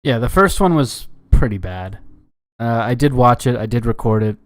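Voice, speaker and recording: Man, from Canada, reaction host, blunt, offhand, mid-pitched voice, dry close sound. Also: expressive, moderate pace, dry recording. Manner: blunt, offhand, trailing restarts. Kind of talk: casual reaction commentary.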